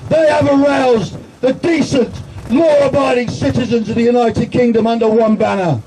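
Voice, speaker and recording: A man's voice: extremely high pitch, fairly even intonation, normal speed. A man giving a rousing, defiant speech at an outdoor protest rally. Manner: shouting slogans, rousing and defiant. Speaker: protest speaker. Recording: crowd noise, distant outdoor mic. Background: crowd.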